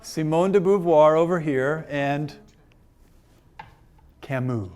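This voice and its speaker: A man's voice: on the high side, expressive, normal speed, a little hiss or hum. A man giving an informal philosophy lecture to a class of older adults, chatty and joking with frequent fillers. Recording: lecture room.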